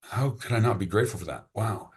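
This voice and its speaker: A man's voice: on the low side, quick pace. A man, a podcast guest, chatting casually and enthusiastically, often restarting his sentences. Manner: enthusiastic, rambling, repeats words when starting sentences.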